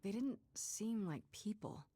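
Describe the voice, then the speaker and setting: A woman's voice: mid-range voice, lively intonation, unhurried, mellow, husky, no echo. An actress playing a young woman singer who asks earnest, probing questions. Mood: questioning.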